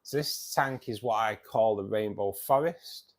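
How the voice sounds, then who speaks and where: A man's voice: fairly low pitch, measured pace. A tired man hosting a fishkeeping live stream, chatting casually, reading viewer comments and calling everyone mate. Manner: chatty, says "mate" often, rambling restarts.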